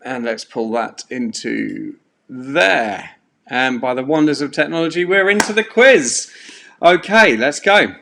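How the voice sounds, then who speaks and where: A man's voice: mid-range voice, animated, a little slow, gravelly, a bit bright, slight background noise. A man, hosting a live-streamed pub quiz from a bedroom at home in a chatty, rambling way full of fillers. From England. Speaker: quiz host.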